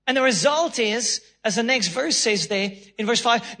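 Bright high-voiced South African preacher. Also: male voice, expressive, moderate pace, few pauses. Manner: emphatic preacher, acts out voices and laughs. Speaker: pastor. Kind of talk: sermon.

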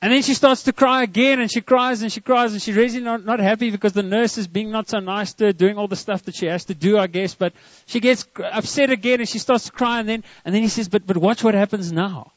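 A man's voice: sits high, steady tone, fast talker, few pauses, no echo, lo-fi sound. A man preaching a sermon to a church congregation, earnest and often repeating words as he starts a line. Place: church service.

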